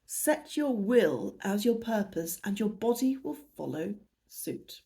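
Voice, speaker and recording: A woman's voice: mid-range voice, very animated, takes it slowly, vocal fry, dark tone. A British woman in her fifties talks to camera in a loose, wandering vlog style. She pokes fun at herself and laughs at her own detours. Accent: British English. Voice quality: chatty and self-deprecating, laughing at her own tangents. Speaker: haul vlogger. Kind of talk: rambling casual chat to camera.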